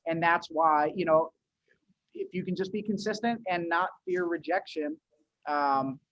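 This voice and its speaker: Slangy, fast-talking man on a dull line. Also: fairly high pitch, a bit bright, no room sound. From New England, US. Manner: fast, loose, slangy talk full of "dude" and restarts. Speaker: podcast guest, agency owner. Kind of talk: casual interview chat. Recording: dull, dry lo-fi audio.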